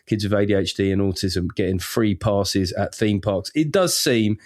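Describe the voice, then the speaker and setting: A man's voice: lowish voice, expressive, normal speed, a little mellow. A man hosting a podcast in casual comedic chat, dry and rambling, often restarting his sentences. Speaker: podcast host.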